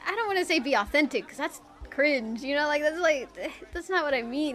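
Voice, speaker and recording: A woman's voice: high-pitched, animated, brisk, few pauses, a bit bright. A young woman streamer chatting casually while she draws, rambling and self-mocking, with a bit of swearing. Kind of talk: casual chat while drawing.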